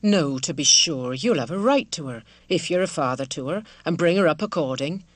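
A woman's voice: low-pitched, expressive, normal speed, dry recording. A woman doing a motherly country village wife. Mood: earnest, motherly. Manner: homely country dialect, earnest and motherly. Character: kindly rural village wife, middle-aged, simple and devout.

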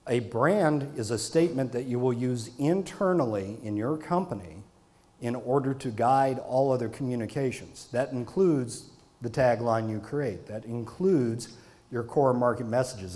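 A man's voice: mid-range voice, a little mellow. A middle-aged man gives a live lecture as a marketing consultant, with a mid-range voice. He speaks emphatically and stacks one phrase after another to drive each point home. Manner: emphatic, piles up repeated phrases for stress.

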